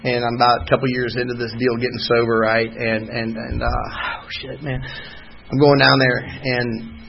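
A man's voice: mid-range voice, little pitch movement, moderate pace, gravelly, dull audio, slight background noise. A man gives a candid, rambling personal testimony at a recovery meeting, telling his story emphatically. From Georgia, US. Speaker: speaker sharing at a recovery meeting. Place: meeting room.

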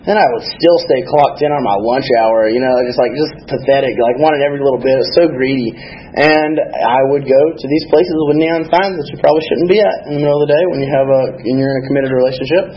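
A man's voice: medium pitch, fast talker, dull audio, slight background noise. A man telling his recovery story at a meeting, candid, rambling and self-deprecating. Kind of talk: personal recovery testimony.

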